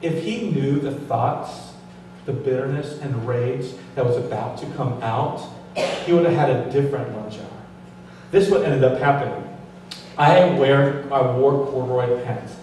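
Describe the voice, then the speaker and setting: A man, a pastor, telling a humorous story in a sermon in an animated way. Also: medium pitch, measured pace, background noise. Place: church hall. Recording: echoey church hall, distant mic.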